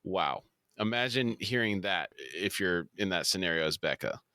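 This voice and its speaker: A man's voice: low-pitched, animated, normal speed, sharp tone, no room sound, clean studio sound. A man co-hosting a podcast, recapping a TV episode scene by scene and then adding his own comments. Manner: reads out plot beats, then comments. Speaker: podcast co-host. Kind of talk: episode recap with casual discussion.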